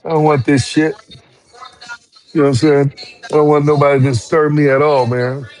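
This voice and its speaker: A man's voice: fairly high pitch, moderate pace, faint music behind. Man, swearing a lot, casual storytelling, gets heated. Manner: profane, animated storytelling with heated outbursts. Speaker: former truck driver telling a story. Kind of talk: casual storytelling on a live stream.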